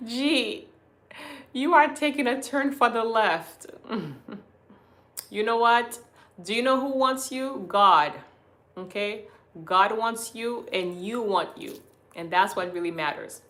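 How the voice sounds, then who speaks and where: A woman's voice: fairly high pitch, slow pace, long pauses, a bit bright. A woman from Haiti, whose first language is Haitian Creole, hosting a hospice livestream, reading viewer comments and talking to them affectionately as her beautiful people. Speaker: hospice channel host.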